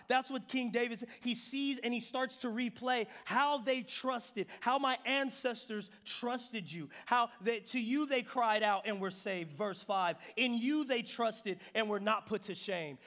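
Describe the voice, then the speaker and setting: A young man with a high voice preaches a lively, humorous sermon in a church hall. He talks casually and plays out little scenes, then drops to a near whisper or climbs to a shout. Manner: animated preaching, swinging from loud shouts to hushed whispers; informal and humorous, slipping into playful voices. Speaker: pastor. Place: church hall before a young adult congregation.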